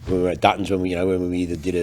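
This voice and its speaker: A low, very quick male voice with a faint hiss or hum in the audio belongs to an Australian luxury car salesman. On a casual podcast he tells stories energetically, swearing constantly in a profane, animated way.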